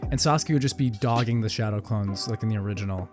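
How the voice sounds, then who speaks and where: A man's voice: lowish voice, quick pace, faint music behind. A young adult man co-hosting a casual chat, talking in a loose, rambling way with many fillers.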